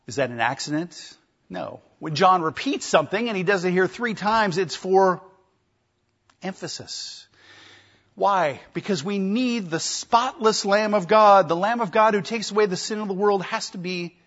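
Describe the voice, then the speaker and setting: A man's voice: sits high, a little slow, fairly bright tone, highs cut off. A man preaching a sermon, emphatic, with repeated phrases and rhetorical questions.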